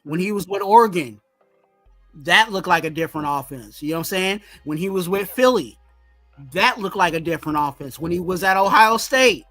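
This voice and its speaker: A man's voice: high-pitched, expressive, fairly quick, bright, forceful tone, soft background music, rough recording. A man co-hosting a casual sports talk show, rambling and often saying "you know what I'm saying". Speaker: co-host.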